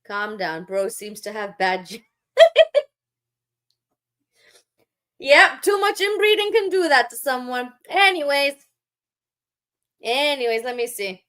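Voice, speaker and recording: A woman's voice: sits high, sing-song, slow, pauses often, fairly bright tone. A woman live-streaming, talking back to her chat in a sarcastic, mocking and scolding way. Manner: scolding, lecturing.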